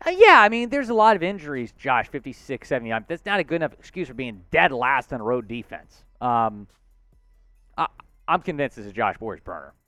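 A man hosting a live sports talk stream, excitable and shouting out supporters. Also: mid-range voice, brisk, no room sound, soft background music. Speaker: host.

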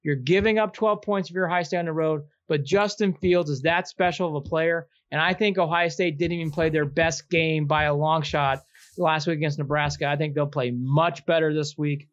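A man's voice: fairly high pitch, fairly even intonation, moderate pace, no room sound, lo-fi sound. A man hosting a sports betting picks segment, teasing his co-host with playful, fan-boyish chatter. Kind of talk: casual sports betting banter.

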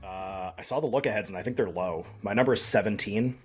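A man's voice: lowish voice, quick pace, soft background music. A man co-hosting a sports betting podcast, talking in casual, rambling chat, emphatic and self-deprecating.

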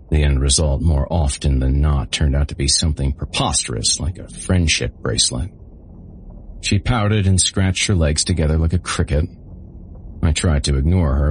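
A man with an extremely deep, low voice reads a first-person story in a dry, sardonic tone. A faint hiss of background noise sits under the recording. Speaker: narrator.

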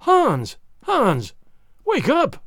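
A man's voice: high-pitched, huge pitch swings, normal speed, a little mellow, no room sound, studio quality, voice pushed up, heavily acted. A man voicing a frightened young wife, pleading anxiously in a raised voice, in a storybook reading.

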